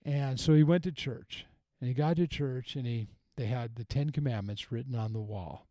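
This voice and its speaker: A middle-aged male pastor talks through a point of faith in an earnest, reflective way, often circling back to restart his thought. His voice is warm and mellow. The sound is close and dry, with no room around it. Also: medium pitch, normal speed, dry recording. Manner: earnest, reflective, with frequent restarts and retold quotes. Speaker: pastor, podcast host. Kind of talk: conversational teaching on faith.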